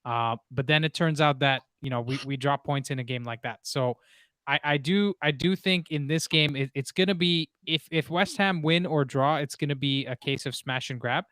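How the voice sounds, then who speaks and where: A man's voice: fairly high pitch, moderate pace, fairly bright tone, smooth, dry recording, studio quality. A man hosting a live football stream, making his points with emphatic repetition. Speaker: host.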